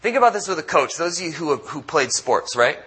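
A man's voice: on the high side, sing-song, a little fast, a bit bright, breathy edge. A man preaching a conversational sermon, acting out quotes and restarting often. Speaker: pastor.

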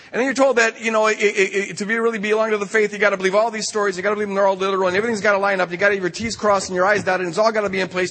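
Male retreat speaker, high and bright, animated sermon delivery, husky edge. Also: big-room sound. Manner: animated, acts out quoted voices. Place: retreat camp hall.

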